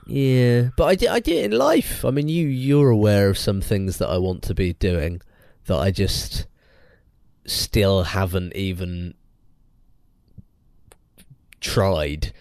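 A man's voice: deep voice, slow pace, vocal fry, no room sound, studio quality. A young man, co-hosting a podcast in casual chat and rambling through stories with lots of restarts. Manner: rambling, restarts often, animated storytelling. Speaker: podcast co-host.

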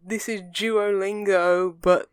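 A young adult chats on a podcast at a middling pitch. The talk rambles earnestly, looping through fillers and restarts. The sound is dry and close. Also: little pitch movement, takes it slowly, smooth, no room sound. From England. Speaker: podcast co-host. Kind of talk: casual chat.

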